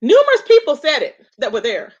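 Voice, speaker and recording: Sassy high-voiced woman streamer. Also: wildly swooping pitch, fairly quick, a little mellow. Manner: sassy, exasperated, rhetorical, greets chat viewers with endearments. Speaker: live stream host. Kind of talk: live stream commentary. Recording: dull lo-fi stream audio.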